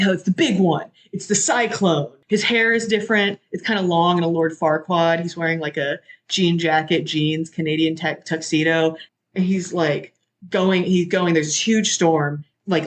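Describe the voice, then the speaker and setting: A podcast guest excitedly recapping a movie in casual chat, acting out the characters' lines with sudden loud jumps in pitch. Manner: excitable, acts out quotes with big pitch jumps.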